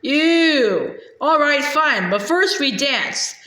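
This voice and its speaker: A woman's voice: high voice, expressive, very slow, sharp tone, full character voice. A charming young prince, put on by a woman reading aloud, laughs his way through his lines with a put-on foreign accent. He teases in a singsong lilt. The storybook reading sounds roomy and echoey. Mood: teasing. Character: playful charming young male prince, carefree. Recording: echoey room.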